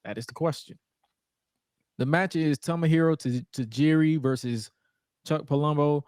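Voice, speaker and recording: A man's voice: fairly high pitch, moderate pace, a little mellow, clear, resonant tone, no room sound, studio quality. A man co-hosting a podcast, recapping old wrestling shows in a laid-back, joking, profane way. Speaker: podcast co-host. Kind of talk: casual wrestling recap chat.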